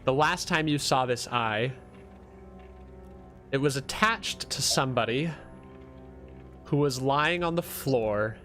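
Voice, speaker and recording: A man narrating a tabletop game as dungeon master, halting with fillers. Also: medium pitch, sharp tone, faint music behind.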